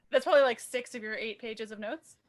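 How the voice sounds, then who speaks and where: Wry young woman with a higher voice. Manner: wry, reads trivia aloud with fillers. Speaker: podcast co-host. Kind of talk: casual film chat, reading trivia.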